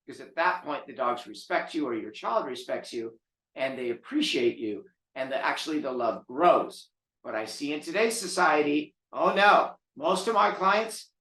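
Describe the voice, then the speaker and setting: A man's voice: on the high side, sharp tone. A man who trains dogs, talking bluntly and emphatically as he lectures viewers. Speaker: dog trainer. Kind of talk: casual talk to camera. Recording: roomy echo.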